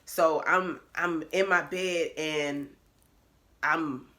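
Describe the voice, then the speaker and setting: A young woman speaks straight to her phone camera in a casual confessional vlog. Her voice is bright and clear, and her talk is candid, expressive and loose, with swearing and laughter mixed in. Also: low-pitched, drawn-out words. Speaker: vlogger. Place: bedroom at home.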